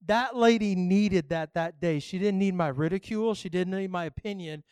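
High-voiced storytelling male pastor. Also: moderate pace, clean tone. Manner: animated storytelling, acts out dialogue, laughs often. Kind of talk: sermon.

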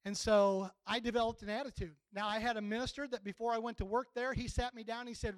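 A man's voice: very high-pitched, fairly even intonation, fast, hardly any pauses, no echo, low-quality recording. A man in his sixties preaching a sermon in a folksy, plainspoken, conversational way.

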